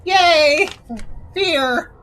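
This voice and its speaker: A woman's voice: very high-pitched, drawn-out words, a bit bright, voice pushed up, exaggerated voice. A woman reading out the lines of a giddy, scantily clad young woman in a video game, squealing with fake fright.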